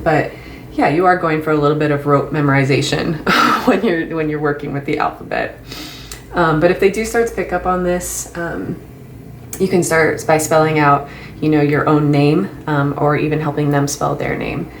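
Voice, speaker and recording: A woman training volunteer English mentors in a relaxed, chatty way, with frequent ums and light laughs. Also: low voice, moderate pace, a little hiss or hum. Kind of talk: casual instructional talk. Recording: echoey room, faint ambience.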